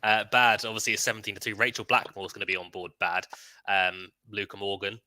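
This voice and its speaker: A man hosting a racing panel, chatty and lively as he hands round to his guests. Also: fairly low pitch, fairly quick, no echo. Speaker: host.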